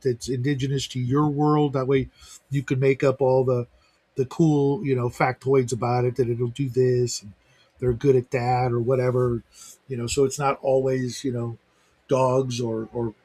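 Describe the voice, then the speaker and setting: A middle-aged man hosting a livestream talk show in casual chat, rambling with lots of fillers. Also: mid-range voice. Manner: rambling, heavy use of fillers.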